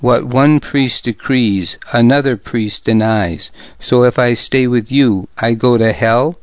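A man voicing a wry, joking Irish warrior with an Irish accent, read slowly in a dry, slightly dull recording. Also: medium pitch, no room sound, natural voice. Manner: dry, easygoing humor.

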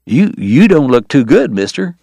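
A man's voice: medium pitch, sing-song, normal speed, gravelly, dark tone, husky, no echo, heavily acted. A man voicing a swaying, drunk young man who mumbles. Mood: mumbling.

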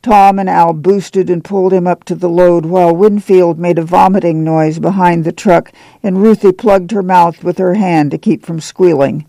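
A man's voice: sits high, steady tone, normal speed, vocal fry, hardly any pauses, dark tone, no echo. A man reading a novel aloud, with drawled folksy dialogue. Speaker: audiobook narrator. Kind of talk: scripted narration with acted dialogue.

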